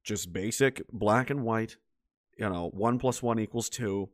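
A man's voice: on the low side, a little slow. A man from Nova Scotia hosting a livestream, reading comments in rambling, profane chat and laughing often. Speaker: host.

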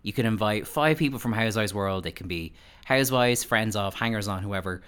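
A man's voice: lowish voice, brisk, fairly bright tone, clean tone. A man hosting a podcast, chatting in a bubbly, gossipy way and acting out quotes with a laugh. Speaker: podcast host. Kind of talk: casual chat, interviewing.

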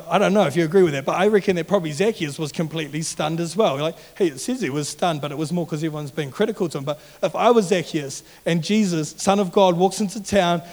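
A young adult man giving an earnest, conversational sermon as a youth pastor. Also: fairly high pitch. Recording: long hall reverb.

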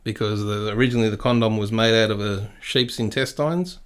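Aussie bloke guesting on a podcast, laid back, swears, says mate, middle-aged. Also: male voice, fairly low pitch, fairly quick, a bit bright, smooth. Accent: Australian. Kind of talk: casual podcast banter.

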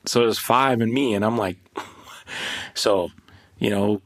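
Low-voiced man telling casual stories. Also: slow. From Canada. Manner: rambling, animated anecdotes with many fillers. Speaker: podcast host being interviewed. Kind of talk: casual storytelling interview.

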